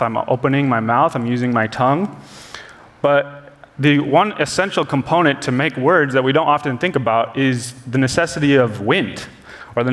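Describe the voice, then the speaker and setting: A man's voice: mid-range voice, fairly bright tone, long reverb tail. A man preaching a sermon as pastor, earnest, repeating key phrases for emphasis.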